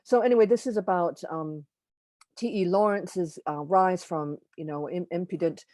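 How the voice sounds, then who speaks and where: A woman with a low, mellow voice gives an informal astrology lecture over a video call. She speaks haltingly, pausing often and correcting herself mid-sentence. The sound is dry and close. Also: dry recording. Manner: halting, frequent pauses and self-corrections; opinionated asides. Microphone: computer mic on a video call.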